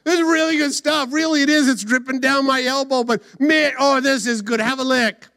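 Man playing a squealing young strongman, high and swooping, lip-smacking, gravelly. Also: big pitch swings, a little slow, bright, forceful tone, heavily acted. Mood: gushing.

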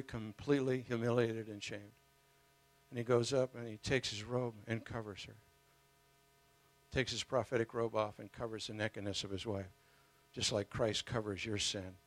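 A man preaching a sermon, telling a story with passion and emphatic swings in loudness. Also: on the low side.

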